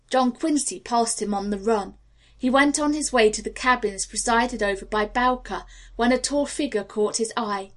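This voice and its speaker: A woman narrating an audiobook with a steady, expressive reading. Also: fairly high pitch, normal speed.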